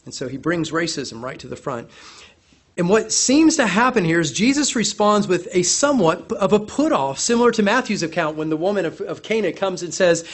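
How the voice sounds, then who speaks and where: A man delivers a sermon in an animated preaching style. His voice sits a little high for a man. He often acts out the voices of the people he quotes and repeats words as he builds emphasis. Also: a little fast. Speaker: pastor.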